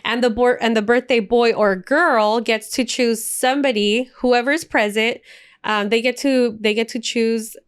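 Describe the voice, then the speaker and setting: A woman's voice: a little high, steady tone, a little slow, clear, resonant tone. Chatty, emotional woman podcast host. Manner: chatty, emotional storyteller mixing in Spanish phrases. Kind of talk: casual podcast chat.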